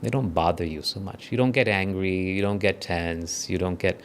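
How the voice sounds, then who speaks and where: A man with a South African accent gives a gentle, conversational devotional talk to a small group. He guides a meditation and often checks in with his listeners. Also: low-pitched, moderate pace, slight background noise. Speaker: spiritual speaker leading a meditation.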